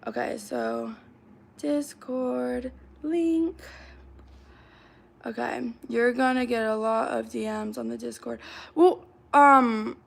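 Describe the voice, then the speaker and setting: A young woman talks straight to her livestream chat, hyper and rambling, with filler likes everywhere. Her voice sits a little high and carries a gravelly fry. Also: slow pace, long pauses, slight background noise. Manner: chatty, hyper, reacts to comments, fillers of like.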